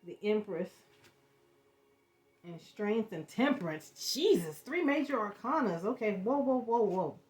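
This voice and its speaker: A woman giving an emotional tarot reading, talking in halting, searching bursts with repeated words. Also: mid-range voice, expressive, a little mellow, a little hiss or hum. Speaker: tarot reader. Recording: echoey room.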